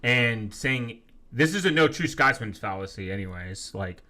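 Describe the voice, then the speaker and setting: A man live-streaming in a casual, profane rant, reading viewer comments aloud and quickly flaring up as he rebuts them. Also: medium pitch, lively intonation, bright, forceful tone. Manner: profane, quick to flare up angrily. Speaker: live streamer answering chat.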